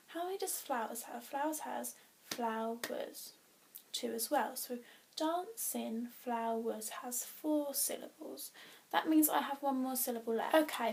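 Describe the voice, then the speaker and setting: A young woman teaching young pupils, patiently counting syllables aloud and thinking out loud, at times whispering to herself. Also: high voice, gravelly, a little hiss or hum. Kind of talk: modelling a lesson for young pupils.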